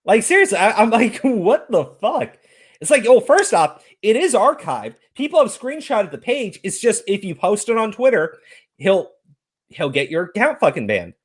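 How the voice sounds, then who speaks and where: Ranting, profane man with a lively voice. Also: sits high, moderate pace. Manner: profane, ranting, incredulous outbursts. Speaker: podcast host. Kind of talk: heated casual commentary.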